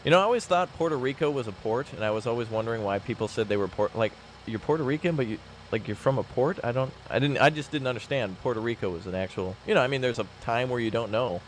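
A man hosting a multiplayer game session in casual chat with friends, rambling and joking, quick to exclaim. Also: mid-range voice, a little hiss or hum.

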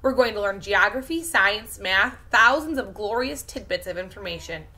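A woman reading aloud voicing a brisk, fiery woman classroom aide in a children's novel, lifting her voice higher and louder.

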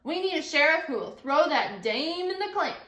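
A woman's voice: high voice, big pitch swings, normal speed, fairly bright tone, voice pushed up. A woman doing a fretful cowardly mayor. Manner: wailing, fussy. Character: flustered cowardly male town mayor. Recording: echoey room.

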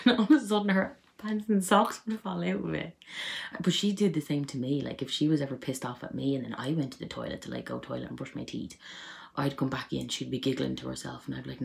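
A woman's voice: extremely low pitch, gravelly. A young woman chatting to camera, telling funny childhood stories with lots of fillers and laughter. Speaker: vlogger. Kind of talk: casual storytelling to camera.

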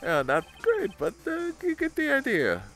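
A man's voice: very high-pitched, huge pitch swings, moderate pace, fairly bright tone, soft background music. A man streaming a video game, reading the lines aloud with joking, rambling asides. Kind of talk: let's play commentary and voice reading.

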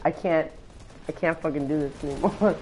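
A woman's voice: low voice, moderate pace, a little mellow, a little hiss or hum, rough recording. A woman streaming a video game, laughing and swearing as she complains to her friends. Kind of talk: casual gaming stream chat.

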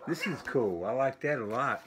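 An older man casually showing off a package of vinyl records, rambling with lots of filler pauses. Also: medium pitch, animated, noisy background. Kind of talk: casual unboxing vlog. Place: home with dogs barking nearby.

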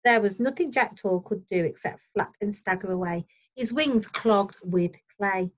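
A woman teacher reading a storybook aloud to children, expressive and gentle, pausing to explain the story. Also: medium pitch, low-quality recording. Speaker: primary school teacher.

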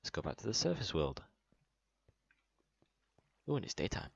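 A man's voice: on the low side, big pitch swings, moderate pace, gravelly, husky, no echo, highs cut off. A man hosting a gaming channel, narrating his own moves in a playful let's play commentary with sound effects.

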